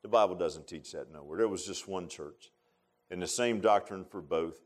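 A middle-aged man preaching a sermon in a folksy, repetitive way, rising to loud, emphatic bursts. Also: deep voice, normal speed. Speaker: pastor.

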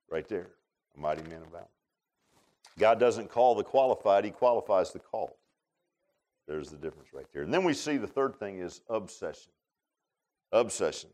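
A man preaching a sermon. He talks in an animated way and keeps asking the congregation short questions. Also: on the low side. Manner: animated preaching with call-and-response asides. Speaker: pastor. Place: church sanctuary.

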